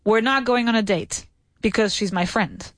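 A woman's voice: fairly high pitch, moderate pace, no room sound. A woman teaching a private English lesson, patiently repeating answers and praising her students. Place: Madrid.

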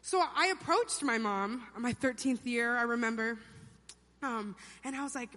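A woman's voice: on the high side, normal speed, bright, forceful tone. A young adult woman preaching a sermon in a church, chatty and playful, acting out quotes in funny voices. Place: church sanctuary. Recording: long hall reverb.

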